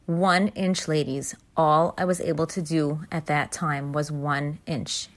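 A woman's voice: low voice, fairly even intonation, measured pace. A woman telling an earnest, heartfelt personal story to an audience of women, stressing her points with emphasis. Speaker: inspirational storyteller addressing women.

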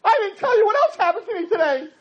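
A man lecturing who voices a harried, exasperated wife, one-upping her husband's complaints in a shrill, escalating tone. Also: fairly quick, a bit bright. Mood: frantic. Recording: dull lo-fi lecture recording.

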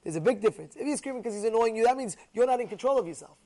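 A man with a very high voice delivers an animated Torah lesson at a quick clip. He keeps repeating key words for emphasis and acts out the people in his examples. Hebrew and Yiddish words come up throughout his English. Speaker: rabbi teaching a Torah class.

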